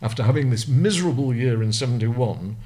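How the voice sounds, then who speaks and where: An octogenarian retired racing driver from Lancashire, England, speaking with a Lancashire accent, shares vivid anecdotes as an interview guest. His medium-pitched voice is expressive, brisk and dark in tone, and he acts out the people he quotes.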